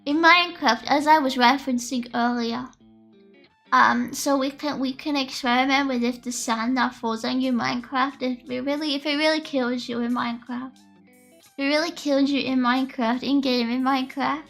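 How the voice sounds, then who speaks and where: A young woman chats with her stream audience in a high, bright, sharp voice. She rambles and spirals into theatrical, exaggerated complaints. Faint lofi music plays quietly underneath. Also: fairly even intonation, normal speed, gravelly. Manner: rambling, melodramatic ranting to chat. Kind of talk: casual livestream chat.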